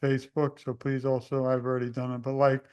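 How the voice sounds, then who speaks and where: A young man hosting a casual interview, rambling and halting with many fillers. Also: medium pitch, monotone, darkish tone, smooth. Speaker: host.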